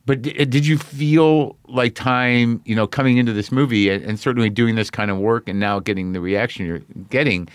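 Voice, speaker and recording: A man interviewing a guest, speaking in a halting, searching way with many restarts. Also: mid-range voice, smooth, no echo, clean studio sound. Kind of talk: conversational interview.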